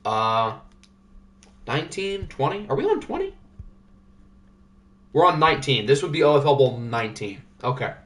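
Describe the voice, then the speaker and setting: A man's voice: mid-range voice, sing-song, normal speed, long pauses. A man hosting a live stream of a simulated football league, chatting casually and joking as he goes over results. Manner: chatty, joking, thinks aloud. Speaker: livestream host. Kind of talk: casual sports sim commentary.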